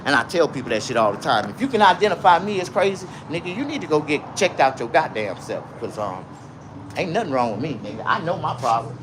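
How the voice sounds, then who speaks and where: Loud ranting man on a noisy livestream. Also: on the high side, fast talker. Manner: loud animated ranting with profanity, then calmer asides. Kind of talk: ranting live commentary.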